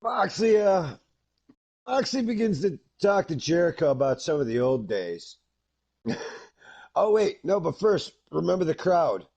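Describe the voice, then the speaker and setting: A man's voice: fairly high pitch, big pitch swings, a little slow, a little mellow. A man co-hosting a podcast, retelling a wrestling segment blow by blow, laughing and swearing. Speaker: podcast co-host. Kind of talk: casual wrestling review chat.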